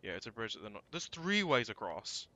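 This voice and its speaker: A man thinking aloud through a strategy game, casual and prone to swearing and sudden shouts. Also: fairly low pitch, sing-song, brisk. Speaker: let's play gamer. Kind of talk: casual gameplay commentary.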